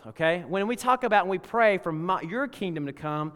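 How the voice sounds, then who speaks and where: A man preaching a sermon as pastor, telling a story and swinging between loud emphasis and hushed tones. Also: sits high, lively intonation, brisk. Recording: long reverb of a large hall.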